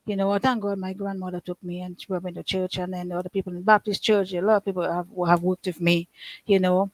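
A woman's voice: lowish voice, level tone, quick pace, no room sound, rough recording. Earnest woman recounting a hard past. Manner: earnest, rambling, with frequent restarts and nonstandard grammar. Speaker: guest sharing her life story. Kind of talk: emotional personal testimony.

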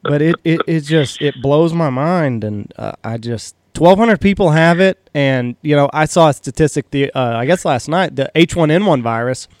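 A man's voice: a little high, moderate pace, few pauses, a little mellow, no room sound, clean studio sound. A man appearing as a podcast guest, chatting and joking casually and often repeating words as he starts a thought. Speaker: guest, game call maker. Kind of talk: casual chat.

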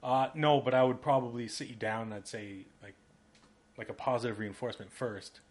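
A man's voice: medium pitch, steady tone, brisk. A man co-hosting a podcast in casual chat, a laid-back storyteller who fills his talk with "like". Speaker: podcast co-host, graphic designer.

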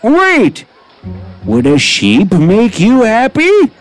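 A man plays a kindly, gullible old man who apologizes readily and cheers up quickly. The voice sits high and leaps around in pitch at an unhurried pace. Soft music plays underneath. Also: huge pitch swings, full character voice, poor audio. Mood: eager. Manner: eager, apologetic, good-natured. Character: cheerful, naive old man trading animals. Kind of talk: animated storybook voice acting.

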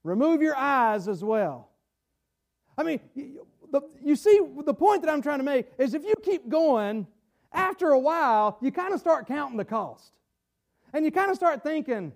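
A man preaching a sermon to his congregation, stumbling over repeated words and rising to shouts for emphasis. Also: very high voice, sing-song, measured pace. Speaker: pastor. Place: church sanctuary. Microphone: camera-recorded.

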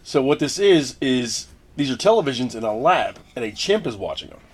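A man's voice: medium pitch, big pitch swings, a little fast, husky. Man, podcast co-host, casual movie recap, rambling, lots of ums. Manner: rambling, filler-heavy retelling.

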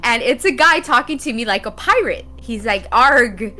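A woman co-hosting a gaming talk stream, telling stories in an animated casual way and laughing often. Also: fairly high pitch, moderate pace. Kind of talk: casual chat, storytelling.

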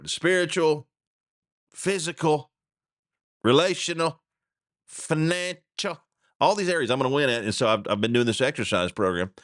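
A man's voice: medium pitch, dry recording, clean studio sound. A middle-aged man hosting a radio talk show, ranting in a casual, chuckling way. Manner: animated, ranting, chuckling asides.

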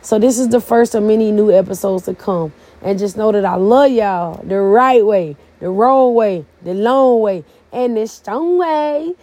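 A woman's voice: medium pitch, normal speed, few pauses, warm tone. A middle-aged woman hosting a faith-based podcast, preaching in a fervent, casual way. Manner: preachy, fervent and casual, with plain church phrasing. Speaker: podcast host.

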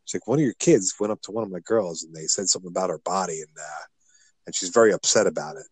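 A middle-aged man co-hosting a podcast, telling a rambling, animated story in casual chat. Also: deep voice, quick pace, breathy edge, no room sound, poor audio. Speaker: podcast co-host.

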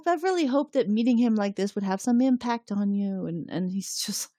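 A woman's voice: mid-range voice, expressive, quick pace, hardly any pauses, warm tone, no room sound, studio quality. A woman hosting a podcast, casually retelling an episode and acting out the characters' lines. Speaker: podcast host recapping an episode. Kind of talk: casual chat.

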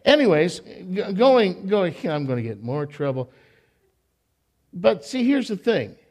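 A man preaching to his church congregation in a fairly high voice, taking his time over each phrase. He preaches with animation, stumbling and repeating words as he goes, and breaks off for joking asides to the people in front of him. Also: sing-song, a little slow, darkish tone. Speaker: pastor. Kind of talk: sermon.

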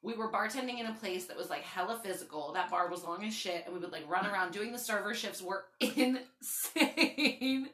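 Young woman, podcast host with a runny nose; bright, lively storyteller, roomy sound. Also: medium pitch, fast talker, few pauses. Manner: animated, swearing storyteller, lots of "like". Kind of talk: casual chat. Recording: echoey room.

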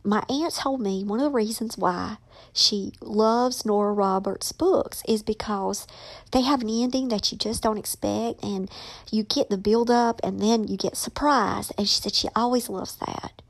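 A woman's voice: medium pitch, a little slow, vocal fry. A middle-aged woman author, talking casually and emotionally, sometimes tearful and dropping to a whisper. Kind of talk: casual personal vlog.

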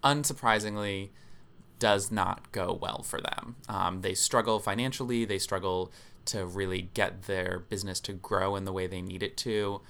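A man's voice: sits low, steady tone, normal speed, creaky, fairly bright tone. A man co-hosting a podcast, explaining at length in casual chat with frequent ums. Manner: explanatory, many filler ums. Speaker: podcast co-host.

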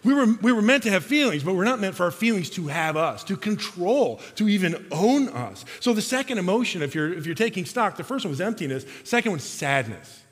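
Pastor preaching in a reverberant hall. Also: male voice, high-pitched, big pitch swings. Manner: dramatic shifts between loud emphasis and soft slow delivery. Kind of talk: sermon.

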